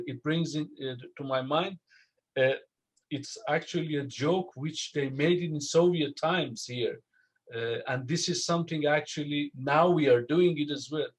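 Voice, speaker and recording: A man with a fairly high voice moderates an academic discussion over a video call. He talks in a halting, unscripted way, often stopping to search for the right words. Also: low-quality recording. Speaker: roundtable moderator.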